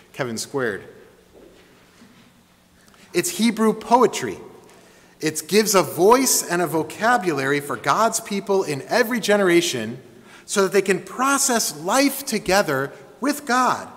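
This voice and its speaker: A pastor with a somewhat bright, higher-pitched voice preaches a sermon to his congregation in a church sanctuary, with long hall reverb on the recording. He is emphatic and engaging, drawing call-and-response.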